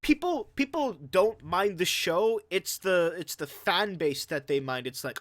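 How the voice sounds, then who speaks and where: A man's voice: sits high, expressive, normal speed, few pauses, fairly bright tone, no echo. Rambling young man, dry close sound. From Canada. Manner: rambling, with many fillers and restarts. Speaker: host. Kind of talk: casual anime review chat.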